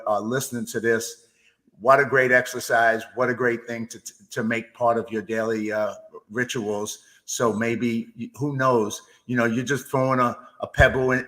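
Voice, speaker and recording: A man's voice: medium pitch, a bit bright. A man hosting a podcast, affirming his guest with many stammered restarts. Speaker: podcast host. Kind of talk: casual interview chat.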